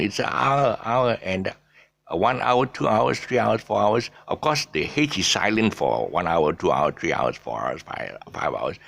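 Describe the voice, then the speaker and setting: A man with a deep, low-pitched voice and a gravelly edge teaches pronunciation in a loose, unscripted way. He stops often for fillers and restarts, and spells out letters as he explains. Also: a bit bright. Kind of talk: casual pronunciation lesson.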